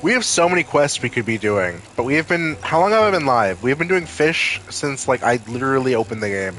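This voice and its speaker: Streaming a game, a man chats casually, rambling, joking and saying "like" constantly. His mid-range voice is brisk and a bit bright with big pitch swings, over faint music in a low-quality recording.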